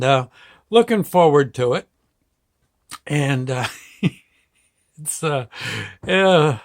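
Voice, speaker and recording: Older man in his 60s, host; rambling, folksy storyteller with a slightly higher voice, chuckles as he goes. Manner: rambling, folksy, chuckles often between phrases. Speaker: show host. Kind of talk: casual storytelling monologue.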